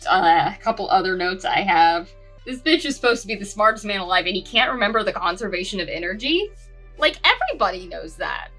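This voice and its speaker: A woman co-hosting a casual podcast chat, sarcastic and quick to laugh. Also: mid-range voice, very animated, bright, forceful tone, faint music behind. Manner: sarcastic, laughing, mocking impressions. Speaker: podcast co-host.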